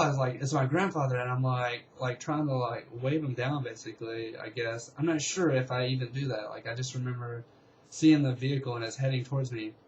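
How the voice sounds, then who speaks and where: A young man casually telling a long story, rambling and excitable, with lots of fillers. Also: medium pitch, lo-fi sound, slight background noise. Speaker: vlogger.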